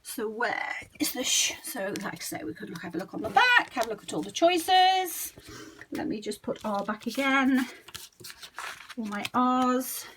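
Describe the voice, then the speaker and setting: High-voiced woman teacher demonstrating cards. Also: lively intonation, unhurried, noisy background. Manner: chatty, talks to herself while sorting cards. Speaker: early years teacher. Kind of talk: classroom demonstration.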